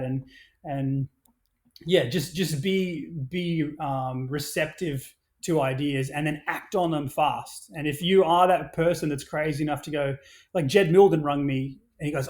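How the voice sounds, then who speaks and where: A man's voice: fairly high pitch, moderate pace. Fired-up man telling stories, swearing. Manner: animated storyteller, swears freely, many restarts. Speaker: podcast guest, brand founder. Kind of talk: casual podcast conversation.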